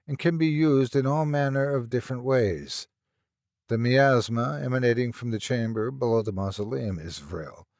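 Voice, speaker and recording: A man's voice: mid-range voice, darkish tone, dry recording, studio quality, lightly acted. A man voicing a frightened, insistent young woman with a German accent in an audiobook. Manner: agitated, urgent.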